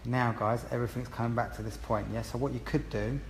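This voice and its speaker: A man's voice: mid-range voice, steady tone, fast, a little hiss or hum. A man giving a chatty, encouraging live-streamed haircut tutorial, explaining each step as a hairdressing educator. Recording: roomy echo with long reverb and faint ambience.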